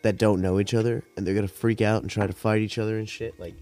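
A young man hosting a podcast, telling stories in a rambling, laid-back, profane way while high, with cotton mouth. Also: level tone, fast talker, warm tone, faint music behind. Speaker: podcast host. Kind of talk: casual storytelling monologue.

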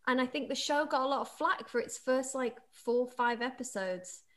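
A woman hosting a watch-along stream, chatting casually and gushing excitedly over the episode. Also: sits high. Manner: gushing, excitable, quick restarts.

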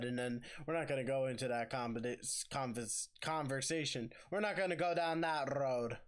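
A man's voice: mid-range voice, normal speed, few pauses. Young-sounding man rambling casually. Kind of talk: casual chat.

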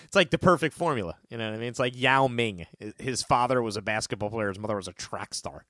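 A man hosting a trivia podcast in casual chat, telling funny stories and reading questions slowly. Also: mid-range voice, no room sound, studio quality. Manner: animated storyteller, joking, reads questions slowly. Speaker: trivia quiz host.

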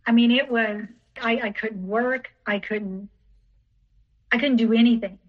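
Woman, podcast guest, recounts her past in a rambling, repetitive way; fairly high voice; muffled lo-fi recording. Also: fairly even intonation, a little slow. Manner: rambling, repeats herself, acts out others' lines. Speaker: teacher. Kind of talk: personal storytelling in an interview. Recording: dull lo-fi recording.

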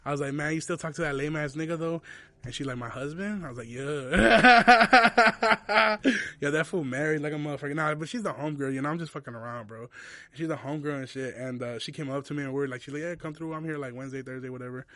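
A man's voice: fairly high pitch, racing, fairly bright tone, dry recording. A young man, a comedian hosting his podcast, telling a story in casual slang with lots of fillers and laughter.

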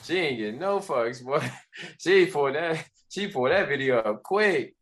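A man's voice: a little high, animated, normal speed, a bit bright. A laid-back man chatting casually about a show, slangy and laughing a lot. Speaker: show recap co-host. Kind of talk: casual reaction chat.

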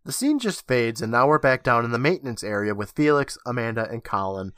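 A man's voice: mid-range voice, a little fast, dry recording, studio quality. A man co-hosting a podcast, recapping an episode scene by scene and acting out the characters' lines. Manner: animated retelling, acting out lines. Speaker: podcast co-host.

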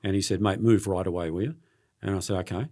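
A middle-aged Australian man, a sports journalist being interviewed, telling stories in an earnest, halting way and often repeating words. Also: low-pitched, steady tone, warm tone. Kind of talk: casual interview storytelling.

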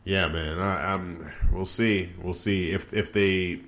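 Young guy on a podcast, kinda low voice, gets loud and shocked a lot. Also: slow. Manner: animated, exclaims in disbelief. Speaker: podcast co-host. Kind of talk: casual wrestling podcast chat.

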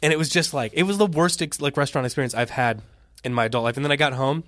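A man's voice: mid-range voice, very fast, no room sound, studio quality. Man telling a rambling story. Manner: animated storytelling, acting out quotes. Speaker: podcast co-host. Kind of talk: casual chat.

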